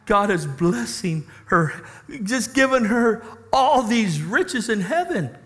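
A man preaching a sermon as a pastor, animated and questioning the congregation. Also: high voice, slow. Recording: reverberant hall.

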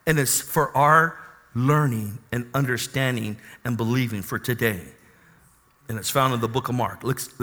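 A man's voice: fairly high pitch, bright, forceful tone, long reverb tail. A man preaching a sermon to his congregation, calling for amens and acting out Bible figures. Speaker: pastor. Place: church.

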